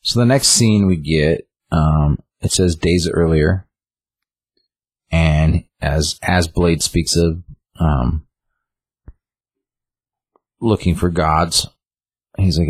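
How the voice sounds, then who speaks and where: A man with a very deep voice and a husky, grainy edge talks casually about comic books. He retells scenes loosely, with fillers, and now and then lifts his voice to quote a character. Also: extremely slow, pauses often. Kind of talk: casual comic book discussion podcast.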